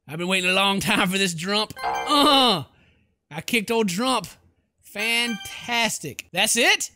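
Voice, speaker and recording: A young man giving loud, goofy gameplay commentary, often shouting and laughing at the game. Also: high voice, expressive, slow, soft background music.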